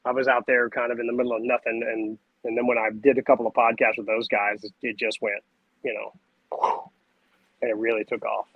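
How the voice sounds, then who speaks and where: A man, a podcast guest telling stories in a casual, animated way. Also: mid-range voice, fairly quick, husky, dry recording, narrow, tinny audio. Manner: animated, acts out voices and sounds. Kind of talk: casual storytelling chat.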